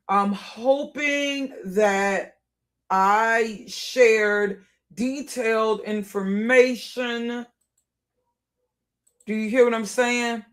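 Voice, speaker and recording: A live streamer with a mid-range, fairly bright voice thinks aloud in casual, off-the-cuff commentary about what's on screen. He keeps circling back, repeating words and restarting phrases. A rising exasperated edge runs throughout as he grows agitated.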